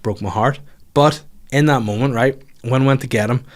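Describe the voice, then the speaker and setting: A young man with a Northern Irish accent tells a comic story on a podcast in a loose, chatty way. He laughs along as he goes and often jumps up into high, mocking voices to quote people. His voice sits at a middle pitch. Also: moderate pace. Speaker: podcast host. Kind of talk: casual comedic storytelling.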